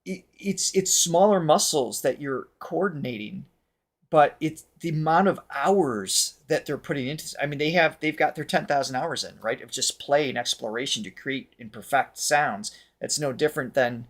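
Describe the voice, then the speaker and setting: A man hosting a reaction show as a vocal coach, explaining things in a casual, animated way and laughing often. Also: fairly high pitch, moderate pace.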